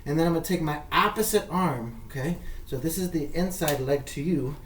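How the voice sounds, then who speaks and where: A man's voice: on the high side, fairly quick, a bit bright, slight background noise. A man leading a kids' yoga workout, giving encouraging, repetitive coaching cues. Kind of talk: guided workout instruction. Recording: echoey room, mic far off.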